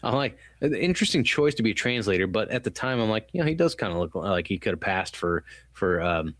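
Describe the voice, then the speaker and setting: A man's voice: fairly low pitch, expressive, fast, fairly bright tone, no echo. A man co-hosting a podcast, talking loosely and with swearing in a casual movie review chat, acting out quotes as he goes. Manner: rambling, loose and profane, acts out quotes. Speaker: podcast co-host.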